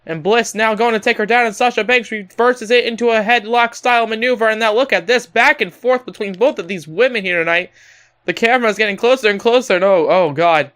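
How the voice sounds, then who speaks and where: A young man giving excitable play-by-play commentary on a wrestling video game, often laughing and calling out to ladies and gentlemen. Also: high-pitched, fast. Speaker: gameplay commentator.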